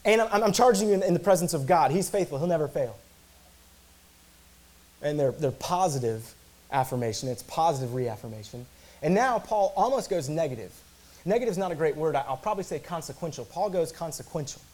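A man's voice: fairly high pitch, animated, a little fast, a little mellow. A male pastor preaching an earnest sermon, emphatic, repeating words and slipping in casual asides.

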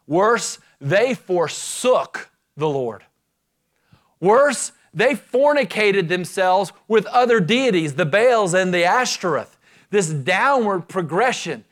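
A man with a high-pitched voice preaching a sermon. He retells scripture with emphasis and drives his points home with rhetorical questions. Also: sing-song, slow, a bit bright.

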